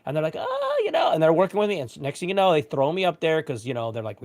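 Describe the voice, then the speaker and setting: A man's voice: fairly high pitch, quick pace. A man in his thirties, a pastor, telling a personal story in a casual panel discussion, acting out quotes. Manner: animated storytelling, voices quotes.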